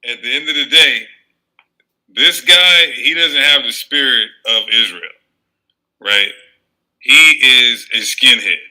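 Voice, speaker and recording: A man's voice: medium pitch, sharp tone, rough recording. A man commenting casually on a clip in a played video, loose and often laughing as he stumbles over words.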